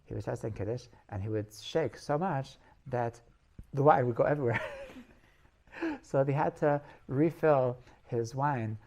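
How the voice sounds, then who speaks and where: A man teaching as a rabbi, telling stories in loose, rambling sentences that restart often. His voice is gravelly and sits at an ordinary pitch. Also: measured pace, darkish tone. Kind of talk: storytelling Torah class.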